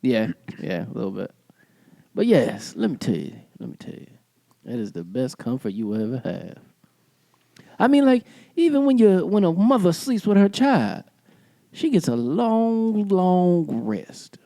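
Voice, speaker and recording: A man's voice: high-pitched, sing-song, normal speed, vocal fry, dark tone, dry recording. A man co-hosting a casual podcast, playful and teasing, often breaking into laughs. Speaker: podcast co-host. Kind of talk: casual banter.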